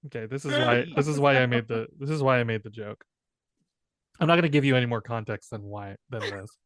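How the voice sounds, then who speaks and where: A man co-hosting a podcast, chatting casually and playfully and telling jokes with quick asides. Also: mid-range voice, a bit bright, no room sound, studio quality. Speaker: podcast co-host. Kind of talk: casual comedic chat.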